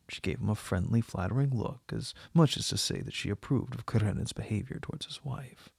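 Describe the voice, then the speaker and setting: A man reading a classic novel aloud as an audiobook, in a measured, even narration. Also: medium pitch, creaky, slightly rough, no room sound, studio quality. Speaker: audiobook reader.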